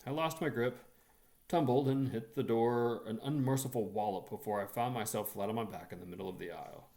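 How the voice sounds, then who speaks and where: A man reading a short story aloud in a measured, expressive storytelling manner. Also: medium pitch. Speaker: reader.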